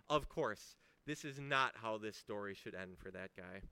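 A man's voice: on the low side, unhurried, hardly any pauses, bright, forceful tone, clean tone, dry recording. A man giving a sermon as a pastor, talking conversationally with emphasis and rhetorical questions.

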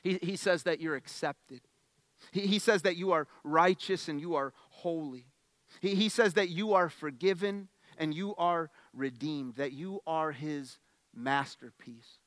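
A man preaching a sermon as pastor, earnest and emphatic, often repeating his first words and swinging between hushed lines and loud, driving ones. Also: on the high side, a little slow, no echo.

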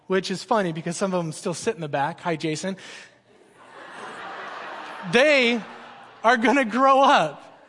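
Guy preaching to a church crowd, pretty high voice, chatty and jokey, long echo off the hall. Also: a little slow, long pauses, a little hiss or hum. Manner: energetic, joking, conversational preaching. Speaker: student pastor. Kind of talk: sermon. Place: large church auditorium.

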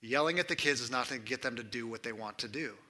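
A man, a pastor in his thirties, preaching a sermon in a conversational way, often asking "right?" and dropping to a soft, low voice for emphasis. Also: fast talker.

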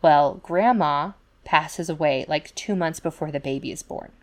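A woman with a deep, low-pitched voice chats casually as a podcast co-host. She rambles through stories full of "like" and "you know" and slips into the voices of the people she quotes. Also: a little slow. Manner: chatty storytelling full of fillers and asides; acts out quoted voices in retellings. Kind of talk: casual chat.

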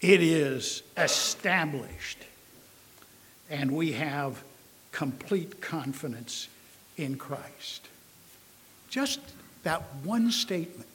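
A man preaching a sermon in a slow, emphatic way, with pauses and fillers. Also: a little high, lively intonation, a bit bright, a little hiss or hum.

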